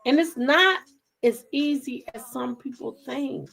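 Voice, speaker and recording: A woman's voice: high voice, a little slow, gravelly, a bit bright. A middle-aged woman hosting a gossip channel, chatting frankly with her viewers in a casual live stream, reading their comments and swearing freely.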